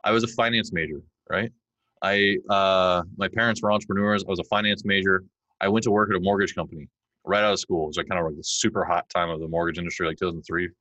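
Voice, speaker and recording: A man in his forties, a podcast guest, chatting and telling animated stories where he acts out his kids' lines. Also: deep voice, fast, no room sound, rough recording. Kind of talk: conversational interview.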